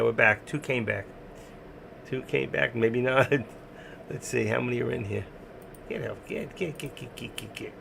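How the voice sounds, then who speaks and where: A man with a New York accent hosts a casual live stream. His gravelly voice carries over a faint hiss of background noise. He talks bluntly, rambles and laughs often. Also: medium pitch, fairly bright tone.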